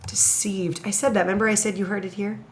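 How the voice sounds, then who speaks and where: A woman teacher thinking out loud as she writes an essay paragraph, musing, hesitating and correcting herself as she goes. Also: mid-range voice, level tone, fast, a little hiss or hum. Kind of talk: thinking aloud while writing an essay paragraph.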